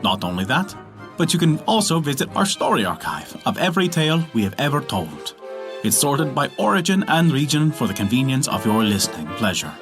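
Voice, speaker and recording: A man narrating a folk tale and hosting a story podcast, in an expressive, scripted storytelling manner. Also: medium pitch, fairly quick, music in the background.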